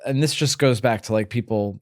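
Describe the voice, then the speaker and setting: A man's voice: medium pitch, fairly quick, dry recording. A man hosts a podcast in a loose, casual chat. He talks with lots of fillers and restarts. His voice sits mid-range and sounds close and dry, with no room around it. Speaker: podcast host.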